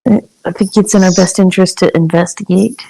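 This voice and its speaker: A woman's voice: fairly low pitch, steady tone, gravelly, warm tone, low-quality recording. A woman playing a tabletop role-playing game, talking through her plans in an easygoing way. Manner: easygoing, unhurried planning talk. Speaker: player. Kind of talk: casual tabletop play.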